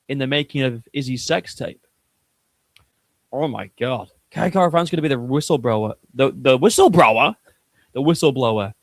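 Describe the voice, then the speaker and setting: A man's voice: fairly high pitch, a little mellow, no echo. A man hosting a casual livestream, chatting in a joking, crude and rambling way. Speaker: streamer host.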